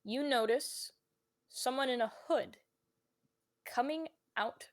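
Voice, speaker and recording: A woman's voice: high voice, slow, dry recording, studio quality. A woman narrating a tabletop role-playing game as game master. She talks casually, swears, and fills her lines with "like" and "you know". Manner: casual and swearing, with lots of fillers.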